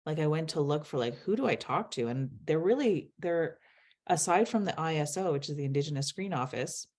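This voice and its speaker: A woman's voice: deep voice, expressive, fairly quick, a little mellow. A middle-aged woman, a guest, speaking earnestly in a candid interview and laughing as she tells stories.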